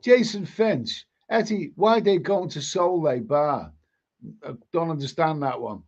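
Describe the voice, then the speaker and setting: A man's voice: a little high, expressive, unhurried. Rambling man with a dull lo-fi sound. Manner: rambling, repeats words and restarts sentences. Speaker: live stream host. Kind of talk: casual live stream chat reading viewer comments.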